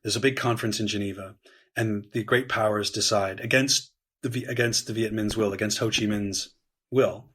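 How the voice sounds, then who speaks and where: A man, a history professor and guest, explaining eagerly in conversation, with frequent restarts and lively voiced quotes. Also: on the low side, moderate pace, husky.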